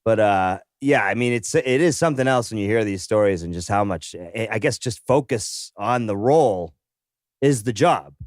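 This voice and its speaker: A man co-hosting a casual film podcast, chatty and quick to laugh, tossing in movie quotes. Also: lowish voice, animated, no echo, clean studio sound. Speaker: podcast co-host.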